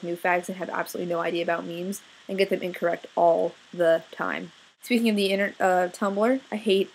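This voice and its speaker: A young woman with a slightly husky, breathy voice rambles through a casual vlog. She is blunt and sarcastic, and her pitch sits in an ordinary middle range. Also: poor audio. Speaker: student vlogger.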